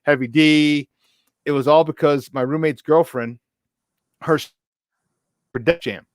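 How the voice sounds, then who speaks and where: A man co-hosting a sports talk show, telling a long story in a casual, animated way and jumping into the voices of the people he quotes. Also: a little high, measured pace, no room sound. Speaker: co-host. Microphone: remote mic, virtual studio.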